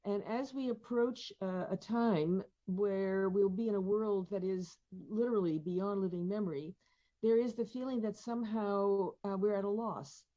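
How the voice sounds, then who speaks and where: A woman's voice: mid-range voice, normal speed, dark tone, lo-fi sound. An older woman speaking in a panel discussion, thoughtful, with many fillers and restarts. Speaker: panel speaker, museum curator.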